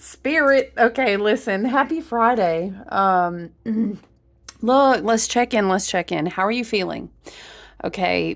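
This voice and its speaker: A woman's voice: mid-range voice, fairly bright tone. A woman, chatting playfully with viewers as a tarot reader, laughing often. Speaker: tarot reader and astrology vlogger. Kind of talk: casual chatty livestream talk.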